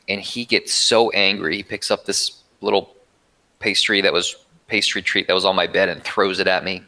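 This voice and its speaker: Low-voiced guy sharing his story, earnest, stops and restarts a lot, bright forceful tone. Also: steady tone, poor audio. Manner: earnest, reflective, with halting restarts. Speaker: podcast guest. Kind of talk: personal storytelling.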